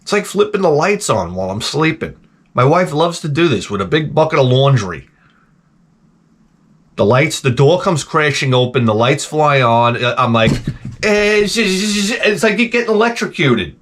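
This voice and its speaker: A man's voice: mid-range voice, expressive, moderate pace, fairly bright tone, a little hiss or hum. A middle-aged man hosting his own show, grumbling through a profane, exasperated casual rant. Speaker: show host. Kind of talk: casual ranting monologue.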